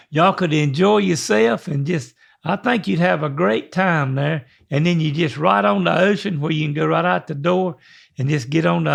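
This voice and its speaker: An older man, co-hosting a podcast in a rambling, folksy way with halting restarts. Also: sits high, creaky. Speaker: podcast co-host. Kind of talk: casual podcast chat.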